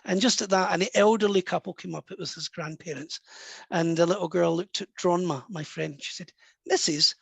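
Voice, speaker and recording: A Scottish man, a medium and author, telling a personal story softly and warmly in an interview. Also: sits high, fairly even intonation, a little fast, gravelly, slightly rough, dry recording. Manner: soft, warm and anecdotal, drops to a hush at moving moments.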